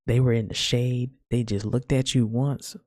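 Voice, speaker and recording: A woman's voice: rumbling low, fairly even intonation, moderate pace, a little mellow, no echo, studio quality. A woman hosting her own podcast, chatting in a rambling, casual way full of "like" and "man". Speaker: podcast host. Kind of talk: casual solo podcast chat.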